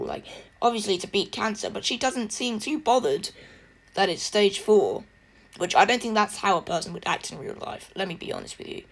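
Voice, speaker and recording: Chatty, gushing woman film reviewer. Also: medium pitch. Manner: chatty and gushing, with frequent laughs. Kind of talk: casual spoken film review.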